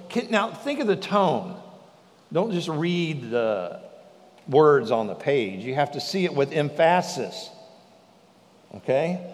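A male pastor preaching a sermon in a lively way, acting out the lines of the scripture. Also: medium pitch, long reverb tail. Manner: animated preaching, acts out the speakers in the scripture.

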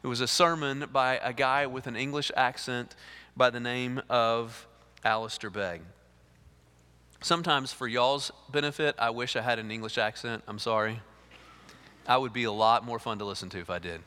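A male lead pastor, preaching a sermon in an animated way, repeating words and acting out dialogue. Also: mid-range voice, moderate pace, clear, resonant tone. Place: church sanctuary. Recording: reverberant church hall.

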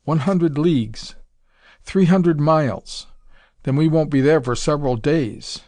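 A man's voice: on the high side, measured pace, darkish tone, dry recording. A man voicing a tired, shaken aviator who keeps asking incredulous questions. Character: startled weary male aviator.

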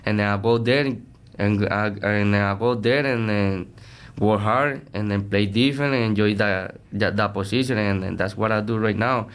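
Earnest man, smooth voice. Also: fairly low pitch, normal speed. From Venezuela. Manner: earnest, energetic, broken English. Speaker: baseball player, interview guest. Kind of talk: casual interview chat.

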